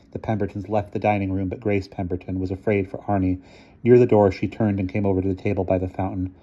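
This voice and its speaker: A man reading a short story aloud in measured narration. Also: low-pitched, little pitch movement, dark tone, dull audio. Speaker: reader. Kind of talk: scripted narration.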